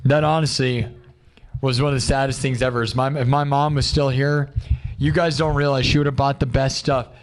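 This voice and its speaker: A man's voice: mid-range voice, little pitch movement, fairly quick. Tired guy rambling on his livestream, candid and emotional, regular mid voice. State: exhausted. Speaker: live streamer. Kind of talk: casual livestream chat.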